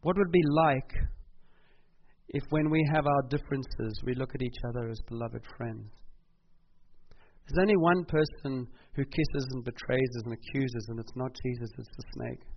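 A middle-aged man, a pastor from South Africa, preaching a sermon earnestly and building to emphatic passages. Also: medium pitch. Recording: slightly dull recording with faint noise.

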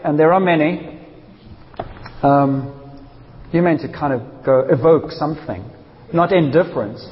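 Speaking at a measured pace with frequent pauses, this South African preacher's voice sits on the high side. He jokes informally and talks right to his congregation, and the church hall recording is dull and echoey.

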